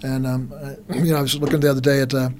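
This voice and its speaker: A man's voice: mid-range voice, racing, faint music behind. A man in casual conversation, explaining ideas with many restarts and by quoting imagined voices. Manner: animated, quotes and acts out others' thoughts, many restarts.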